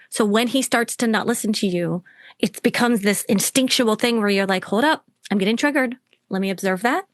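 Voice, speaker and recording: A woman coaching a client on a call, talking quickly and animatedly and acting out quoted voices. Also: dry recording, studio quality. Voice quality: voice others call squeaky. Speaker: relationship coach.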